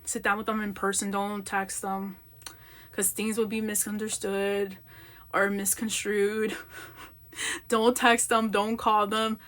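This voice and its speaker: A young woman hosting a solo podcast, telling stories in an emphatic, animated rant and acting out the people she quotes. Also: medium pitch, slow. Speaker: podcast host.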